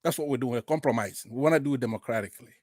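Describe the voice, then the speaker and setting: A Nigerian man calling into a talk broadcast, speaking with rising passion, starting quietly with hesitations and then breaking into loud, indignant bursts. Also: medium pitch, very fast, no echo. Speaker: caller on a live online talk broadcast. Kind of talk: impassioned political call-in speech.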